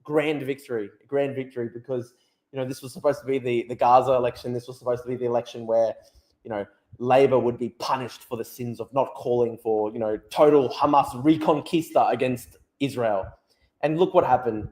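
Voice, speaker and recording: A man's voice: mid-range voice, a little mellow, roomy sound. A man ranting on a live stream, gloating, swearing and repeating himself. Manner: gloating, profane, repetitive. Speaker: political streamer. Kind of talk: live-stream political rant.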